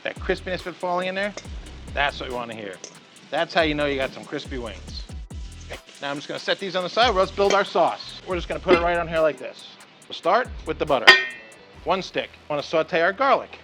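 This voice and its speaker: A man's voice: a little high, lively intonation, brisk. A man hosting his cooking vlog outdoors at a grill, chatty and enthusiastic, often checking in with "okay". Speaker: cooking show host. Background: rain and light music.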